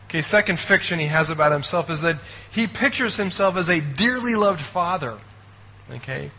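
Conversational pastor with bright tone. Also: male voice, fairly high pitch, animated, moderate pace, husky, rough recording. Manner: conversational, keeps checking in with listeners, wry asides. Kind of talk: sermon.

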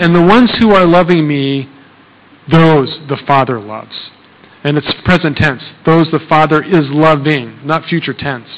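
A man's voice: fairly high pitch, fairly bright tone, long reverb tail, low-quality recording. A man preaching a sermon in a conversational way, often checking in with "okay?" and using fillers. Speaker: pastor.

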